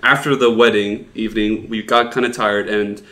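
A man's voice: on the low side, flat delivery, moderate pace, sharp tone. Young man, Dutch accent, podcast co-host, rambling self-deprecating storyteller, casual. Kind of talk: casual chat.

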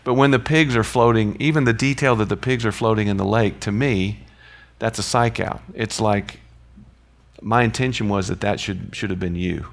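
A man's voice: fairly low pitch, normal speed, vocal fry. A man giving an informal Bible teaching, conversational and mixing in personal stories and chuckling asides.

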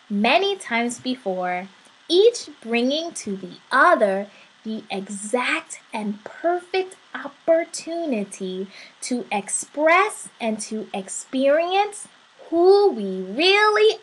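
A woman reading a storybook aloud, voicing a kind and wise spirit companion in a gentle, reassuring manner. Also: a little high, slightly rough, full character voice, low-quality recording.

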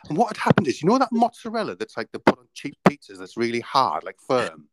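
A man's voice: medium pitch, wildly swooping pitch, fast talker, background noise. A man hosting a casual podcast, telling rambling anecdotes and acting out the voices in them. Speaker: podcast host. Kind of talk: casual storytelling chat.

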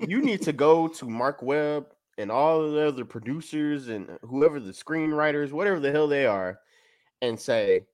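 A man co-hosting a casual movie review podcast, talking in an incredulous, joking way and acting out quick quotes. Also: on the high side. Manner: animated, incredulous, acts out quotes. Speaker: podcast co-host.

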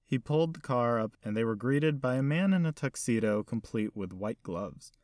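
A man reading a story aloud in a measured, steady storytelling manner. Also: mid-range voice, no echo, studio quality. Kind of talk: scripted narration.

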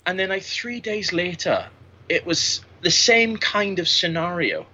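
A man in his thirties rambles through crude, boastful stories on a podcast and swears freely. His voice is very bright and sharp. The recording sounds dull and lo-fi. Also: high voice, very animated, a little slow. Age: 30s. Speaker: podcast guest. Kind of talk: casual storytelling.

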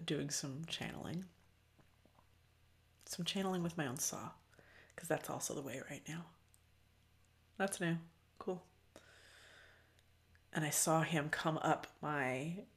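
A woman hosting a podcast, talking in a loose, candid, profane way about spiritual matters, with frequent ums and soft near-whispered stretches. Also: low-pitched. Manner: often drops to a soft, breathy near-whisper. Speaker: podcast host. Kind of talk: casual spiritual reflection.

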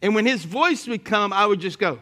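Animated male preacher telling stories. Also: fairly quick. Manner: lively storytelling with humor, speaking to the congregation; swings from loud emphatic points to quiet, low asides. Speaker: pastor. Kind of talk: sermon.

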